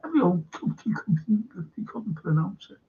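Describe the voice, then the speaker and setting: A man's voice: high-pitched, sing-song, moderate pace, dark tone. A man hosting a livestream, telling a long rambling anecdote and swearing freely. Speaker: livestream show host. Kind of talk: rambling casual storytelling. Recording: dull lo-fi stream audio.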